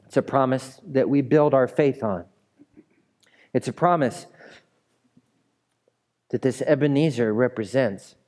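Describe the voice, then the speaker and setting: A male pastor delivering a sermon at an unhurried pace, his voice mellow and warm rather than bright. He keeps it conversational with playful asides, then builds emphasis through repetition. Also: medium pitch.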